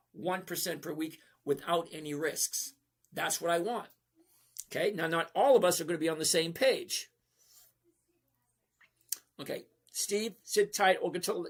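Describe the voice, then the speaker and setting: Hosting a stock trading livestream, this man in his sixties talks casually and replies to viewers by name. His voice sits on the high side with a breathy edge.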